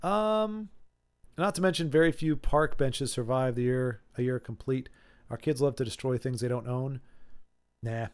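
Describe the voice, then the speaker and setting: A man's voice: mid-range voice, moderate pace, clear, resonant tone. Stammering man in his forties streaming a game. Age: 40s. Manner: stammering restarts, reads viewer chat aloud. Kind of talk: casual live-stream chat while playing.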